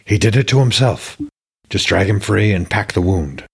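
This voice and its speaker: A man reading a storybook role of an older male sage with a gray beard, speaking flatly and sternly. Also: lowish voice, moderate pace, creaky, husky, exaggerated voice. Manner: flat, stony delivery.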